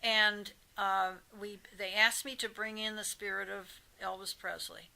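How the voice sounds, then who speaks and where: An older woman, a psychic medium, chatting in an interview and telling animated anecdotes with frequent asides. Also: medium pitch, unhurried, creaky, poor audio. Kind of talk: casual interview storytelling.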